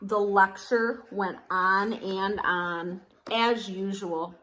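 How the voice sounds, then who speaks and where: Slow, gentle woman reading a picture book. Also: mid-range voice, steady tone, slight background noise. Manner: slow, gentle, addressing young listeners. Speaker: teacher reading aloud. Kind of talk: storybook read-aloud.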